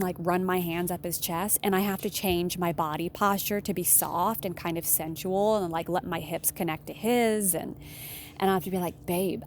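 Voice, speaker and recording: A woman relationship consultant giving blunt, candid advice in a solo monologue, swearing casually and jumping up in pitch for emphasis. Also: a little hiss or hum. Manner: animated, with sudden emphatic jumps in pitch.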